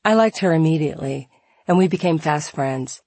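A woman's voice: low voice, animated, moderate pace, darkish tone, dry recording. A woman reading her own memoir aloud in a reflective, wry manner, close to the mic. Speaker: memoir narrator.

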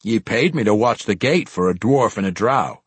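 A man's voice: fairly low pitch, expressive, normal speed, breathy edge, dry recording. A man voicing a sly, smug male gate guard who drawls his lines.

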